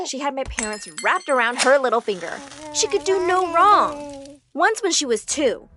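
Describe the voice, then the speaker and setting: High, lively woman storyteller. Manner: animated, acts out the dialogue. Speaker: storytime narrator. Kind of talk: first-person storytime narration.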